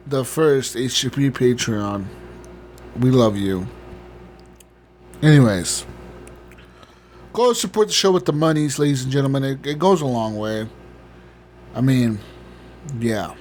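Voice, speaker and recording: Man, gaming podcast host, slightly high-pitched, rambling and profane. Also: a little hiss or hum. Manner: profane, rambling, laughs often. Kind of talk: casual podcast chat.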